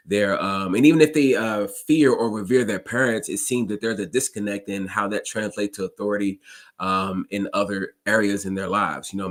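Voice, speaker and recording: A man who drives a school bus, casually telling a story to his listeners and acting out the dialogue with lively jumps in his voice. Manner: animated, acts out dialogue with big pitch jumps; conversational, addresses listeners directly.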